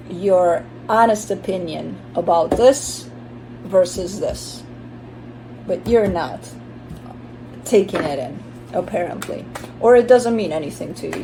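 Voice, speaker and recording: A woman's voice: lowish voice, measured pace, pauses often, background noise. A woman giving a casual tarot reading, chatty and blunt, swearing now and then and voicing the listener's inner thoughts. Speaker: tarot reader.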